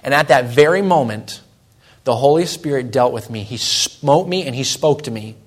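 A young man preaching to his church, telling a personal story in an earnest way and slowing to press his points home. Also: mid-range voice, animated. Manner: earnest storytelling, slows and presses on key lines. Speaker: pastor.

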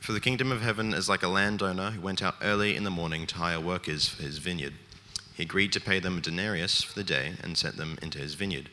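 Deep-voiced man reading scripture. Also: fast, sharp tone, in a large hall. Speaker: scripture reader.

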